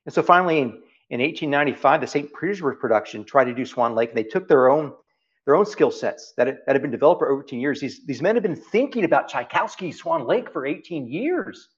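A middle-aged Texan man talks in an interview, his pitch rising and falling widely as he presses each point home and repeats key phrases. The sound is dull and lo-fi. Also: lively intonation, fast. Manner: emphatic, repeats phrases for stress. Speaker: guest, private equity CEO. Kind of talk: reflective interview talk.

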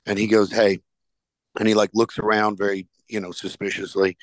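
Animated man telling comedy stories. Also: fairly low pitch, quick pace, no room sound. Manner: animated anecdote telling, acts out quoted characters. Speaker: podcast host. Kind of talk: casual chat, storytelling.

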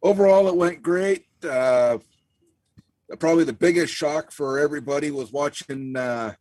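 A man with a slightly high voice casually recounts his day as a guest on a talk show. The sound is dry and close. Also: normal speed, darkish tone, dry recording. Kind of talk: casual chat.

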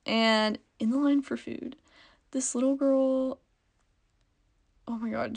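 A young woman tells a story in a chatty, giggly vlog style, leaning on "like" as she goes. Her voice sits a little high and carries a lot of gravelly fry. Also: steady tone, slow pace. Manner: chatty and giggly, with frequent "like" fillers. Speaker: vlogger. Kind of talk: casual storytime chat.

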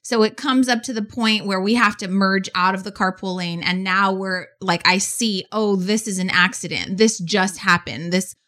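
A woman in her forties casually telling a story as a podcast host, animated and full of fillers. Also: mid-range voice, moderate pace, hardly any pauses. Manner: animated, chatty, many "like" fillers.

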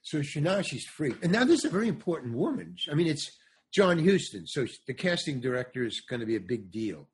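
Fairly quick and husky, with a fairly high pitch, an older man tells a showbiz anecdote as a podcast guest. He is a comedian and actor, and his animated telling includes doing the voices of the other people involved.

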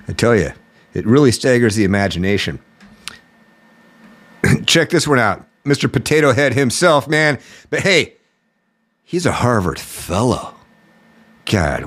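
A man's voice: on the low side, a bit bright. A man hosting a political commentary podcast, ranting in a sarcastic, mocking and exasperated way. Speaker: podcast host.

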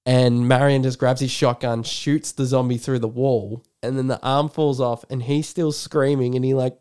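Guy cohosting a movie podcast, smooth clear voice, gets animated recapping scenes. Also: mid-range voice, normal speed. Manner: animated retelling of film scenes, laughs often. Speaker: podcast co-host. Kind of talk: casual film review chat.

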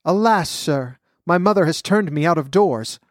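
Man doing a meek sweet storybook girl, soft polite and high, dry sound. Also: expressive, moderate pace, dry recording, lightly acted. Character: gentle, kind, poor young girl.

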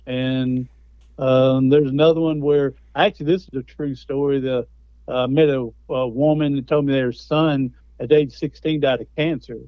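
A man's voice: medium pitch, steady tone, moderate pace, no echo, dull audio. A man, a guest speaker and author telling stories in a folksy, conversational way. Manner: folksy storytelling. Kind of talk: conversational interview.

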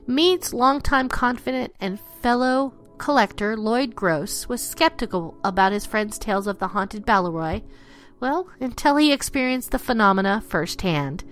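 A woman narrating a ghost story in an expressive, dramatic way, dropping low and slowing down for the eerie parts. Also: soft background music. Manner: expressive, drops low and slows for spooky lines.

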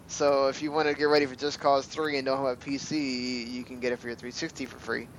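A man's voice: medium pitch, flat delivery, a little fast, a little hiss or hum, low-quality recording. A man co-hosting a casual gaming podcast, rambling through his points with lots of fillers and restarts. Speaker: podcast co-host.

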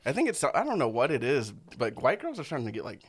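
A man's voice: medium pitch, husky. A man co-hosting a comedy podcast, telling crude stories in casual banter and putting on voices for the people in them. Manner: fast, animated storyteller who puts on voices for others. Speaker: podcast co-host.

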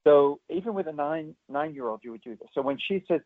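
A man's voice: on the high side, lively intonation, a little fast. Earnest male pediatrician on a phone line. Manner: earnest and explanatory, with vivid demonstrations. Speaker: pediatrician guest. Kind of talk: expert interview answers. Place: remote, not in the studio. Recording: tinny phone line into a radio show.

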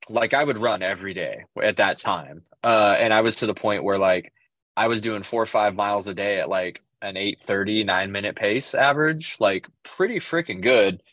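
Low-voiced man, rambling casual storyteller. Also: fairly bright tone, no room sound. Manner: rambling storyteller, profane, lots of fillers. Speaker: podcast co-host. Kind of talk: casual chat.

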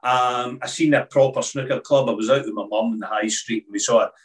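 A middle-aged Scottish man speaks as a podcast guest in a mid-pitched voice, relaxed and halting, often starting over mid-sentence. He sits a little back from the microphone, so his voice sounds slightly distant. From Scotland. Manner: hesitant, many restarts, relaxed storytelling. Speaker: guest, former snooker player. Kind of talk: casual interview chat.

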